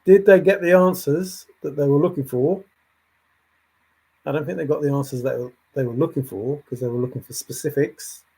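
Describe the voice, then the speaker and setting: A man's voice: on the high side, fairly even intonation, normal speed, gravelly, mellow, breathy edge. A man hosting a livestream, thinking aloud in a rambling way and answering chat comments as they come in. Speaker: livestream host.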